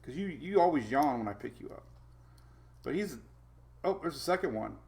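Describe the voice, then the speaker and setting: A man's voice: fairly high pitch, lively intonation, normal speed, vocal fry, darkish tone. A man hosting a casual weather live stream from home, rambling as he reads out viewer names and talks to his puppies. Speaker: weather show host.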